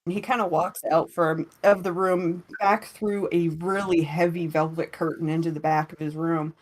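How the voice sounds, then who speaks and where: A woman narrating a tabletop game as game master in a casual, relaxed way with many fillers. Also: fairly low pitch, normal speed.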